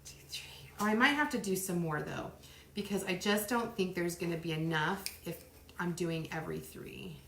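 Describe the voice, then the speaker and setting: Chatty middle-aged woman with vocal fry. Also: lowish voice, brisk, a little hiss or hum. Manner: chatty and rambling, counting softly under her breath. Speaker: craft livestream host. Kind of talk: casual live chat while crafting. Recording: roomy echo.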